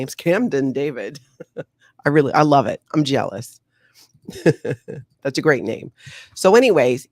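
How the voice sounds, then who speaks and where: A woman hosting a casual livestream, chatty and animated, laughing often. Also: deep voice, dry recording, studio quality. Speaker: livestream host.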